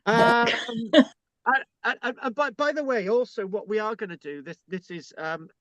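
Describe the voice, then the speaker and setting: A man's voice: high-pitched, moderate pace, a bit bright, dry recording, highs cut off. A British man hosting an informal online lecture, chatty and joking, often restarting his sentences, over a video call. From Britain.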